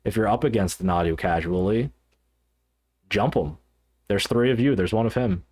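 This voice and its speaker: Guy with a lowish voice on a chill gaming podcast, lots of ums and restarts. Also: a little mellow. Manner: halting, with many fillers and restarts. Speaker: podcast co-host. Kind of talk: casual podcast chat about card games.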